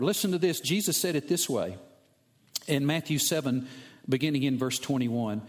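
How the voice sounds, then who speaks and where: A middle-aged preacher delivers a sermon in a plain, mid-pitched man's voice. He moves between easy storytelling and bursts of fervent emphasis as he drives his points home. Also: expressive, moderate pace, darkish tone. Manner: storytelling, rising to impassioned emphasis. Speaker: pastor.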